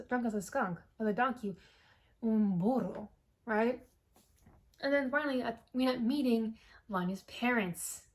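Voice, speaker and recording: A woman with a somewhat high voice recaps a movie in a loose, chatty way. She swears freely and jumps into characters' lines with lively emphasis. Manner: animated, profane storytelling, acting out characters' lines.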